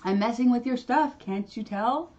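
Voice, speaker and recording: A woman's voice: fairly high pitch, normal speed, dark tone, lo-fi sound, pitched above the performer's own voice, lightly acted. A woman voicing a weary, put-upon ghost who talks back sarcastically and with exasperation. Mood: exasperated.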